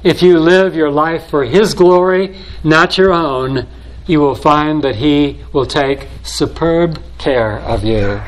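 A man preaching a sermon in a slow, deliberate way, building solemn repeated phrases. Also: a little high, low-quality recording.

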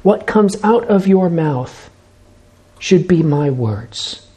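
Guy preaching a sermon, kinda high voice but soft and warm, slow and emphatic on the big lines. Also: animated, slightly rough. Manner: measured, emphatic, slows for key phrases.

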